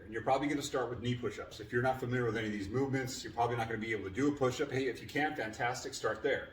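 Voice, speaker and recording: A man's voice: mid-range voice, very fast, hardly any pauses, distant mic, a little hiss or hum. Male fitness trainer, casual coaching, winded; echoey space, off-mic. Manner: plain-spoken coaching, frequent fillers. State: winded after a workout. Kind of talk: casual workout instruction. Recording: echoey room, voice from afar.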